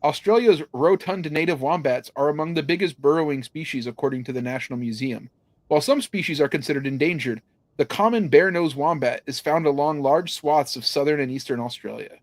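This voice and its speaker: Here the same sort of young podcast co-host casually reads out news stories and listener comments, punctuated by laughs and jokey asides. He speaks a little high and a little fast, with no room sound at all.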